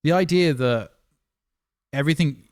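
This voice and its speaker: A man in his thirties co-hosting a podcast in casual, excitable chat. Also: on the high side, normal speed. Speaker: podcast co-host.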